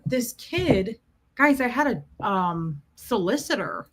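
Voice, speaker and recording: A woman's voice: fairly high pitch, a bit bright. A woman hosting a casual livestream, chatting and greeting viewers by name as she tells a story. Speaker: livestream host.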